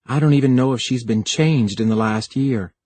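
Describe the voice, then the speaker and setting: A man voicing an earnest young male apprentice who speaks quietly and plainly, with a husky voice. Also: mid-range voice, normal speed, no echo, natural voice.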